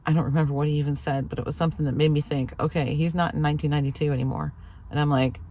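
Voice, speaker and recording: A woman's voice: low-pitched, steady tone, fast, dark tone. A woman in her forties telling a story casually to her viewers, acting out the voices of others and laughing often. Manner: chatty storytelling, acts out quoted lines, laughs often. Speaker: vlogger. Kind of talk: casual chat to camera.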